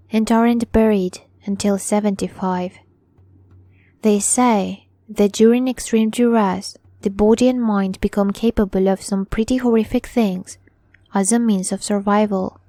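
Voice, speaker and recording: Female horror-story narrator, slow deliberate read, dark mellow tone, dry close recording. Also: mid-range voice, no echo.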